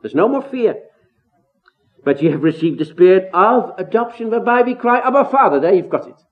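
A man's voice: high voice, lively intonation, quick pace. A man preaching an expository sermon, earnest and emphatic, with rhetorical questions and rising exclamations. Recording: tinny phone-like sound.

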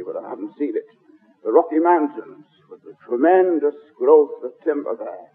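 A man's voice: on the high side, husky. A man preaching a sermon, stressing key words in repeated phrases. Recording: tinny lo-fi radio recording in a reverberant hall.

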